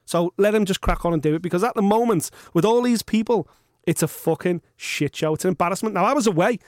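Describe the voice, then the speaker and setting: A man hosting a podcast, ranting in animated, sweary casual chat. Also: high voice, fast talker, no echo, studio quality. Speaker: podcast host.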